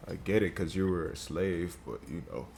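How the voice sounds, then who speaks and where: A man's voice: deep voice, moderate pace, creaky, a little mellow, breathy edge. A man playing a tabletop game who makes dry, blunt remarks. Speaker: player. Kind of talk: casual tabletop play.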